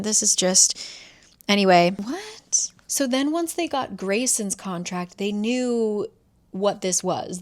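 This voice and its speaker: Chatty woman reviewer recapping a plot, swears freely, mid-pitched everyday voice. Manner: chatty, swears, voices characters while retelling. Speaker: book reviewer. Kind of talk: casual book recap.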